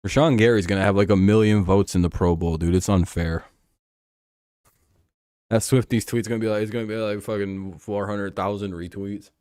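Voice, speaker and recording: A man's voice: fairly low pitch, fairly even intonation, moderate pace, darkish tone, clean tone, no echo, studio quality. A young man hosting a casual livestream while watching football, joking, swearing and laughing often. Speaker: livestream host. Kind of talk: casual livestream chat over a football game.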